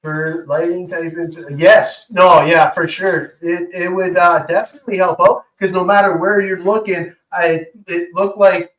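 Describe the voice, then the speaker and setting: A man's voice: high-pitched, level tone, a little slow, few pauses, a bit bright. Chatty man demoing in an echoey room. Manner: chatty, enthusiastic, lots of fillers. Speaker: co-host. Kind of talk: casual show-and-tell demo. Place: indoor workshop room. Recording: roomy echo, far from mic.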